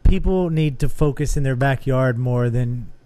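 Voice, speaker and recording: A man's voice: medium pitch, moderate pace, dark tone, no room sound. An earnest man co-hosting a casual discussion podcast, steering the talk with questions. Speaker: podcast co-host.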